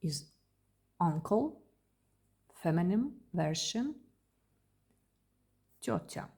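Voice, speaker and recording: A woman with a Russian accent teaching a beginner language lesson, repeating each word slowly and carefully. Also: lowish voice, very animated, darkish tone, slightly rough.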